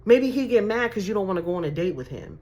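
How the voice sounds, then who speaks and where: A woman's voice: mid-range voice, expressive, quick pace, darkish tone. A woman, giving emphatic, sassy dating advice as a life coach with laughing asides. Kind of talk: direct-to-camera advice talk.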